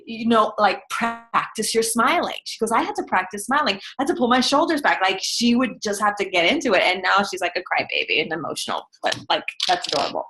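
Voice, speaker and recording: A woman co-hosting a casual team call, chatty and quick to chime in and tease. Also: medium pitch, sharp tone.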